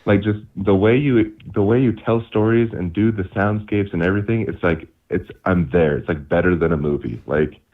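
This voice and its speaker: A man's voice: low-pitched, moderate pace, hardly any pauses. A young man calling in on a phone line, chatting casually in a rambling way, laughing often and saying "like" and "dude" a lot. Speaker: caller.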